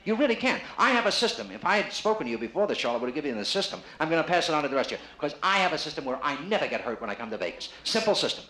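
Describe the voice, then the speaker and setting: A man's voice: fairly high pitch, big pitch swings, racing, hardly any pauses, pushed and bright. A man doing live stand-up comedy, teasing a man from the audience with wisecracks. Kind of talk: live stand-up with crowd work. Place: casino showroom stage. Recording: live 1960s vinyl, roomy and noisy. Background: audience laughter.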